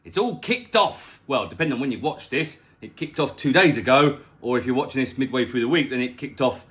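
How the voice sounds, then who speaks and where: A man's voice: medium pitch, expressive, brisk, fairly bright tone, slightly rough. A man hosting a casual, jokey weather vlog outdoors in his garden, chatting straight to the viewer. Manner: playful, jokey, talks to the viewer. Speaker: weather update host.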